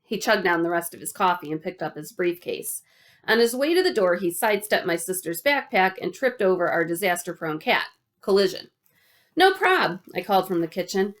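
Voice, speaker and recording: A woman reading a children's novel aloud in an animated, expressive way. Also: lowish voice, brisk. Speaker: audiobook reader.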